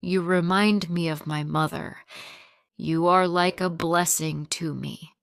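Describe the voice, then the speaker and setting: A woman voicing a kind police officer in an audiobook story, speaking gently, slowly and plainly. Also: fairly low pitch, steady tone, creaky, clean tone, no room sound, clean studio sound. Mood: gentle. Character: kind middle-aged male police officer.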